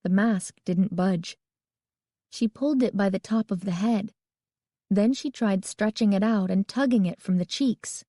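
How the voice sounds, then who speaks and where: Female audiobook narrator, even storytelling read, middle pitch, dry close sound. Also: measured pace, dry recording. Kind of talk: scripted narration.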